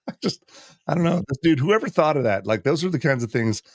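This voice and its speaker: A man's voice: a little high, expressive, brisk, no room sound, studio quality. A man who works in radio, trading jokes in casual chat and laughing a lot. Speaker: radio host.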